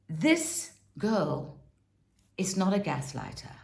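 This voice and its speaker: A woman's voice: mid-range voice, big pitch swings, slow pace, vocal fry, darkish tone, reverberant. A woman giving a casual, sarcastic and theatrical review of a reality TV show.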